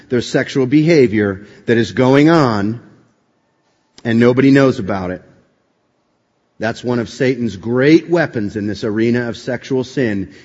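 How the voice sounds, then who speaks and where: A man's voice: mid-range voice, muffled recording. Man preaching in a reverberant hall. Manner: animated, rhetorical questions to the congregation. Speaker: pastor. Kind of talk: sermon. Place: church sanctuary.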